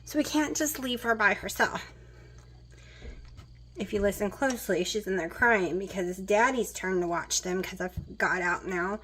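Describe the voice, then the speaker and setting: A woman's voice: medium pitch, fairly bright tone, a little hiss or hum. A woman chatting casually as she cooks in her home kitchen, rambling with plenty of fillers. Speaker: vlogger. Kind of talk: casual kitchen vlog chat.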